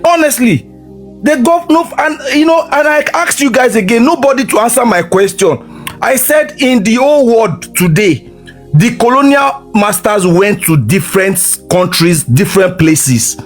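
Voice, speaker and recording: A man's voice: very high-pitched, animated, unhurried, soft background music. A man lecturing emphatically on a livestream, repeating his questions. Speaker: livestream debater. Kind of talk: heated livestream argument.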